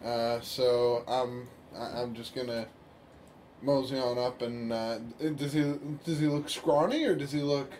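A man's voice: mid-range voice, measured pace, a little mellow, a little hiss or hum. A man playing a tabletop game in a casual, sarcastic way. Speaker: player.

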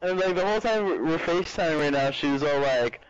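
Rambling young man with a bright voice. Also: on the high side, brisk, dull audio. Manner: rambling storyteller, heavy filler "like", swears freely. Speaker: game streamer. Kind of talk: casual chat while gaming.

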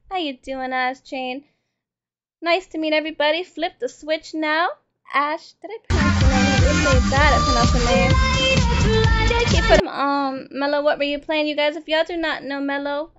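Woman streamer, high-pitched, swears freely and talks to chat while playing; muffled stream mic. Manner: profane, laughing, loud outbursts. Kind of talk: casual gameplay commentary chatting with viewers. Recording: dull lo-fi stream audio with faint music.

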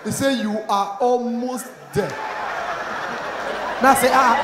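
A man with a Nigerian accent performing stand-up, acting out both sides of a story in Pidgin and rising to shouts at the punchlines. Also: very high-pitched, fairly even intonation, slow, pauses often. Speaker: stand-up comedian. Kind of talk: stand-up comedy routine. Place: comedy club stage with a live audience. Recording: echoey live venue, faint crowd noise.

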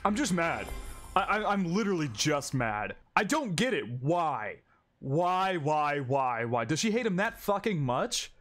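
A man's voice: high-pitched, sing-song, moderate pace, a bit bright, faint music behind. A man reacting to an anime, casual and exasperated, repeating himself and swearing often.

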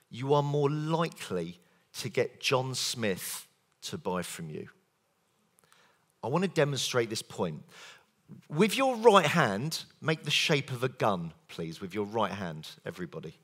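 A man giving a lively conference keynote as a sales trainer, quizzing the audience with show-of-hands questions and quick jokes. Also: medium pitch. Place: conference hall.

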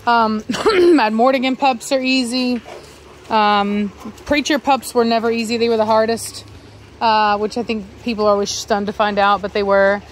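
A woman with a fairly high voice chats loosely about caring for her dogs. She breaks off to scold and coo at them. Faint outdoor ambience sits behind her. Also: fairly even intonation, moderate pace, slight background noise. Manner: chatty, scolds dogs sharply then coos softly. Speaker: dog breeder. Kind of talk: casual vlog talk to camera and dogs. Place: outdoors in a dog yard.

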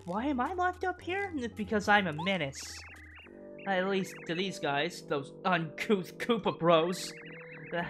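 A woman reading the lines of a spunky, defiant young female bomb creature from a game, lively and at times shouting in outrage. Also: mid-range voice. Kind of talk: reading game dialogue aloud. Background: game music.

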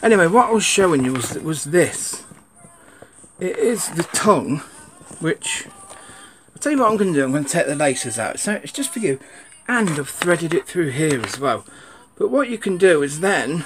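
A man's voice: on the high side, very animated, normal speed, fairly bright tone, a little hiss or hum. A man giving a casual, rambling unboxing chat, grumbling and swearing at his camera. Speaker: sneaker vlogger.

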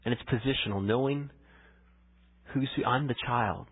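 A man preaching a sermon as pastor, conversational, swinging between emphatic lines and hushed asides. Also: mid-range voice, moderate pace, slightly rough. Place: church sanctuary. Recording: tinny phone-like church audio.

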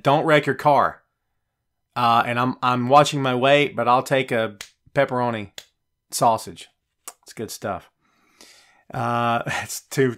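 A man hosting a casual live wrestling show, greeting viewers by name and giving shout-outs. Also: a little high. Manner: reads viewer names and gives shout-outs. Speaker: podcast host. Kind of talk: casual live-stream chat.

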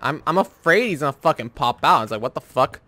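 A young man talks over his gameplay in loose, profane commentary. His voice is bright and sits a bit high. He turns jumpy and yells when startled. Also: expressive, brisk, no echo. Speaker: gamer, let's-play host.

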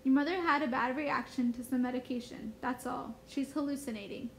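A woman teacher reading aloud as a weary father who speaks in a hushed, soothing way. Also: sits high, fairly even intonation, a little fast, a little hiss or hum.

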